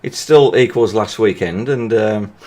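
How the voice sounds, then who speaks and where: A deep-voiced man chats casually over his football game, his nose audibly stuffy from hay fever. He rambles, circles back and restarts his sentences as he talks to his viewers. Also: measured pace, darkish tone. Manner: rambling and hesitant, full of restarts. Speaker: gaming video creator. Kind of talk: casual commentary while playing a football video game.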